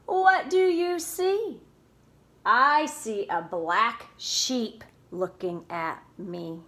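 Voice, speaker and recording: Slow sing-song preschool teacher. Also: female voice, sits high, a bit bright. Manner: slow, sing-song storytime voice with playful asides. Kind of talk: reading a picture book aloud to children.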